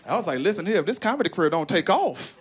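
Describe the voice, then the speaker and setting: A stand-up comedian from Arkansas, USA, with a Southern American accent performs a profane, animated set at a quick pace on stage at a large comedy venue. His storytelling swings widely in pitch as he voices characters, and the recording is full of live crowd laughter and noise.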